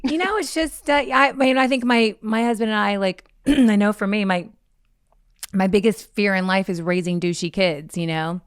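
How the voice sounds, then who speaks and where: A woman in her forties chatting casually as a podcast guest, telling animated stories and acting out what others said. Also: medium pitch, normal speed, clear, resonant tone, dry recording, studio quality. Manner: animated storytelling, acting out quotes. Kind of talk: casual chat.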